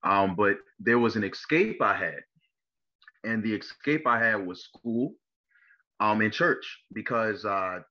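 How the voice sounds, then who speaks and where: In a personal testimony interview, a low-voiced young guest from Maryland, USA, stumbles along with frequent fillers and restarts, though he's animated. The recording is muffled.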